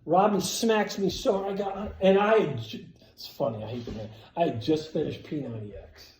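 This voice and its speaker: Animated, cursing man telling a story. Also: a little high, normal speed, echoey room, rough recording. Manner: animated, profane, acts out quotes loudly. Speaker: storyteller at a skate event. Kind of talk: casual storytelling.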